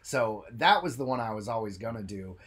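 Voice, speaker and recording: Husky-voiced man chatting on a podcast. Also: lowish voice, brisk. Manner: animated storyteller, jumps into joking voices. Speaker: podcast co-host. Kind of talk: casual chat.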